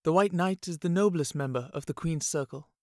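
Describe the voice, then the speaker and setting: A man's voice: fairly high pitch, fairly quick, no echo, studio quality, lightly acted. Man playing a jumpy sidekick, slightly raised voice, hesitant, storybook audiobook. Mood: nervous.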